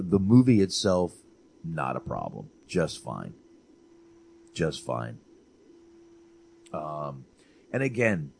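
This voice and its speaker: Deep-voiced man ranting casually. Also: slight background noise. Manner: animated, swearing, repeats himself for emphasis. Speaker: podcast co-host. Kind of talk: casual movie chat.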